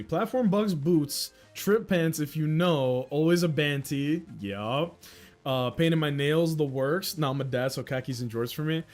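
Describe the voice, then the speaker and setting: A man's voice: mid-range voice, darkish tone. A man in his thirties hosting a casual livestream, rambling and mocking himself with frequent laughs. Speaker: livestream host.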